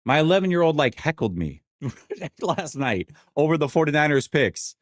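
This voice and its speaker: A man in his forties hosting a live sports stream, venting his frustration and answering chat in an animated, exasperated way. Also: fairly high pitch, moderate pace. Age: 40s. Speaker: sports show host.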